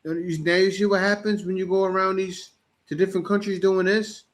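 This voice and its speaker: A man hosting a reaction commentary, talking in a mocking, animated way. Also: high-pitched, fairly quick. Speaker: commentator host.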